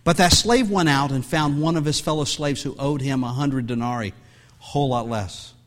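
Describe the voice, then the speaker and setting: A man's voice: fairly high pitch, brisk. A man preaching a sermon as pastor, reading scripture aloud and breaking into conversational asides, with many restarts.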